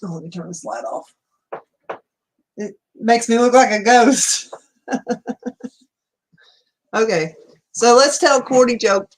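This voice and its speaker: A woman's voice: fairly high pitch, takes it slowly, pauses often. A woman with a Southern US accent hosting a casual livestream, chatting in a rambling way, laughing often and reading viewer comments aloud. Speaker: livestream host. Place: home room at night.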